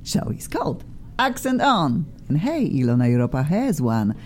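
A woman's voice: big pitch swings, normal speed, darkish tone, slight background noise. A woman with a Polish accent hosting a radio talk show from a studio, effusive and theatrical. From Poland. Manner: exuberant and theatrical, swooping pitch.

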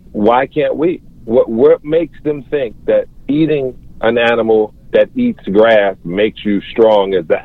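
A man being interviewed as a guest, explaining in an emphatic, joking way. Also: mid-range voice. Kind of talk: interview over a phone line. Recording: tinny phone line.

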